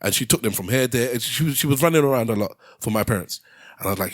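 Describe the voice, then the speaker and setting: A man's voice: medium pitch, very fast, no room sound, studio quality. A man hosting a casual podcast chat, telling stories and acting out quotes with many restarts. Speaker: podcast host.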